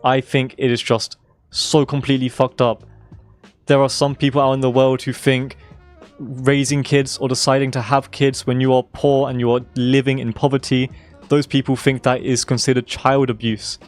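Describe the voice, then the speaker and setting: Young guy streamer going hoarse, heated rant, keeps repeating himself, swears a lot, quiet music behind. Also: medium pitch, flat delivery, moderate pace. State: hoarse, losing his voice. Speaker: game streamer. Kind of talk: casual live-stream rant.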